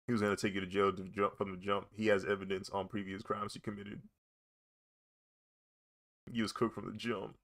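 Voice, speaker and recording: A man's voice: on the low side, level tone, moderate pace, vocal fry, long pauses, fairly bright tone. A young man chatting casually and reacting while he draws, slangy and laughing often. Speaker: artist streaming while drawing.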